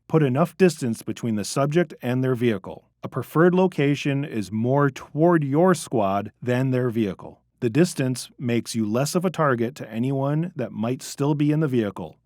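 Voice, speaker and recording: A man with a medium-pitched, slightly mellow voice narrates a training video, laying out each point in a steady, measured, instructive way. The recording is close and dry, with no room sound.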